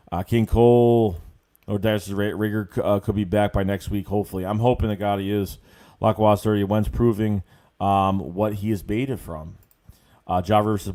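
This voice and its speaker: A man's voice: fairly low pitch, a little mellow. A man hosting a casual sports livestream, reading viewers' comments aloud and answering them in a blunt, profane way with many fillers and repeated words. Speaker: livestream host reading fan chat.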